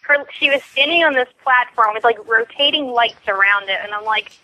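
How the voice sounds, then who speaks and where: A woman with a higher, bright voice chatting on a podcast, wry and full of questions. The sound is dry and close, with no room echo. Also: fairly quick. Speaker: podcast co-host. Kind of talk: casual chat.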